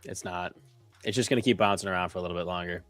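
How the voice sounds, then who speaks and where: A man's voice: deep voice, racing, fairly bright tone, no room sound, soft background music. A young man co-hosting a live trading stream, joking and swearing in loose trader slang. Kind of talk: casual live trading chat.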